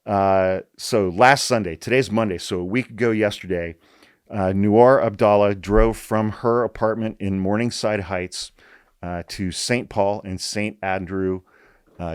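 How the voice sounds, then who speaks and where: Guy ranting on his podcast, lowish voice, swears a lot, repeats himself to hammer it home. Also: steady tone, moderate pace, clean tone, dry recording, studio quality. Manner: blunt, heated, swears often, repeats points for emphasis. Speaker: podcast host. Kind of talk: political commentary podcast, reading an article aloud.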